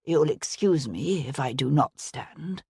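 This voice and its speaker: A woman voicing a frail, dying elderly archbishop who speaks weakly and with measured care. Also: low-pitched, lively intonation, darkish tone, slightly rough, no room sound, clean studio sound, exaggerated voice. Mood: grave, weary. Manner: weak, measured.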